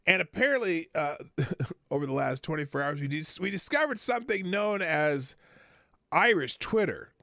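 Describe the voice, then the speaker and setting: Male live-show host, casual rambling commentary, sharp bright voice, dry close sound. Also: fairly high pitch, animated, normal speed, vocal fry, no echo. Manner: rambling, many fillers and restarts; chats with viewers, reads super chats.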